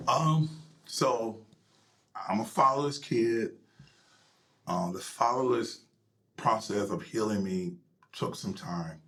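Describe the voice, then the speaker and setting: A middle-aged male pastor telling his personal story in an interview, emotional and halting, sometimes dropping to a near whisper. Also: on the low side, animated, a bit bright. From United States.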